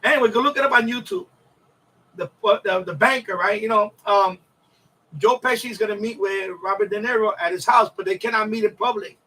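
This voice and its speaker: A man with a high, sharp voice chats loosely on a livestream, swearing often and circling back over his words. His tone is a bit husky, and he sounds set back from the mic. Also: a little fast, recorded from a distance, low-quality recording. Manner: rambling, profane storytelling with repeats and restarts. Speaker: livestream host. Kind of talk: casual livestream chat.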